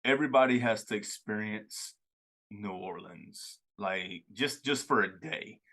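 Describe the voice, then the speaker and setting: A man's voice: on the low side, unhurried, bright, forceful tone. A young man from Louisiana with a Cajun accent, telling rambling stories in a casual podcast chat and laughing often. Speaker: podcast host.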